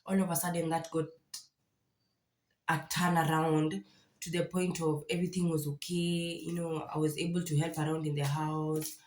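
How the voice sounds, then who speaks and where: A woman's voice: low voice, level tone, normal speed, darkish tone. A young Kenyan woman vlogging candidly and emotionally, distressed and near tears, with many restarts. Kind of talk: casual confessional vlog. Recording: echoey room.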